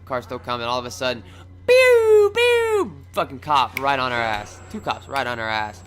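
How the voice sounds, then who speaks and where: A young man casually telling a wild personal story on his vlog, swearing freely, rambling, and acting out his own shouts. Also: mid-range voice, fairly even intonation, fairly quick, faint music behind. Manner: loose and profane, acts out his own shouts.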